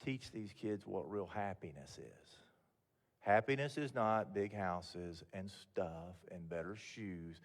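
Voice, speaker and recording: A man's voice: low voice, takes it slowly. An older man gives a motivational talk to a room of mentors. He talks in a candid, homespun way and often restarts his sentences. His voice carries a long reverb from the event hall. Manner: folksy, candid storytelling with frequent restarts. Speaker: guest speaker.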